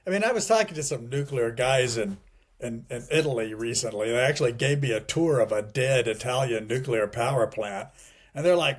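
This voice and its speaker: A man's voice: mid-range voice, fairly quick. A middle-aged man being interviewed, talking casually with many restarts and wry chuckles at grim points. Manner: rambling, digressive, frequent restarts and "you know". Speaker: guest.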